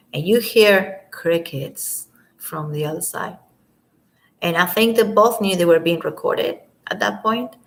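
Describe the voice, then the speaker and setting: A woman's voice: on the low side, vocal fry, rough recording. Rambling woman on a late-night live stream. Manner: rambling, talks to viewers, trails off softly. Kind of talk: casual live-stream commentary. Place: at home, alone at night. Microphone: camera mic.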